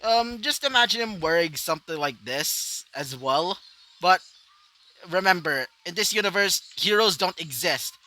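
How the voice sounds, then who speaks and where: A man's voice: high-pitched, expressive, measured pace, pushed and bright, rough recording. A man narrating his own fan story off the cuff, rambling with many fillers. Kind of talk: improvised fanfiction storytelling.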